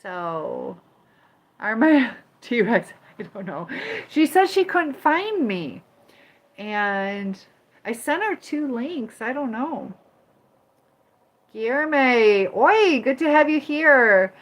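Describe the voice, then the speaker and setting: Slow, chatty woman livestream host. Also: fairly high pitch, sing-song. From Michigan and Indiana. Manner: chatty, reads viewer comments aloud and greets them by name; firm when moderating the chat. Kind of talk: casual livestream chat.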